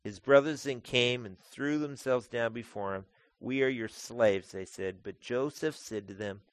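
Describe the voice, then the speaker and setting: A man in the middle of a sermon, moving from a measured scripture reading into easy, conversational explanation. His voice sits in an ordinary middle register and comes across close and dry, with almost no room sound around it. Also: mid-range voice, dry recording. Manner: reads scripture then explains it in plain, conversational terms. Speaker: pastor. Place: church sanctuary.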